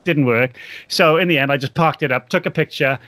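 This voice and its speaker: A man telling a funny anecdote in a casual, animated way, laughing as he goes. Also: fairly high pitch, fairly quick, no echo. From England. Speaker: podcast guest, wedding photographer. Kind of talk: casual storytelling.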